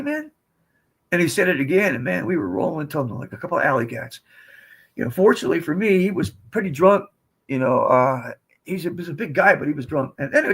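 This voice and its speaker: A man's voice: a little high, vocal fry, a bit bright, husky. A man in his seventies from the United States, a podcast guest telling rambling, digressive stories in a casual way. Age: 70s. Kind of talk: casual storytelling.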